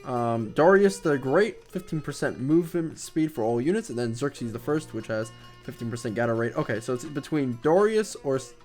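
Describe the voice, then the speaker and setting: Brief: male game commentator, mid-pitched, relaxed rambling delivery, occasional cursing, strong game music underneath. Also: normal speed. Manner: rambling, laid-back, swears casually. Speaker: gameplay commentator. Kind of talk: casual gameplay commentary.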